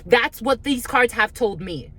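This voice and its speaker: A woman's voice: a little high, animated, a little slow, sharp tone. Profane, heated woman tarot reader. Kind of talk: spiritual card reading, ranting.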